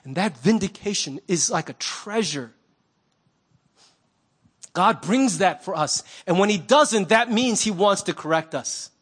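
A man preaching a sermon as pastor, conversational and animated, acting out little quoted voices. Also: high-pitched, a little slow, breathy edge.

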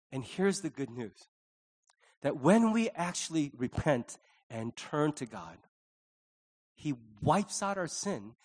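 A man's voice: fairly high pitch, animated, measured pace. A middle-aged male pastor preaching a conversational sermon, acting out little quoted voices along the way.

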